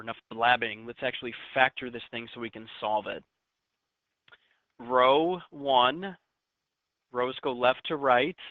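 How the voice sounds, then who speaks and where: A man's voice: mid-range voice, no echo. Chatty male teacher on tinny audio. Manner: chatty, joking asides to students. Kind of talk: recorded math lesson.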